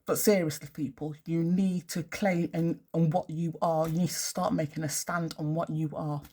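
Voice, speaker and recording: A woman's voice: low-pitched, flat delivery, normal speed, a little mellow. A woman ranting in a casual monologue, blunt and swearing heavily. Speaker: vlogger.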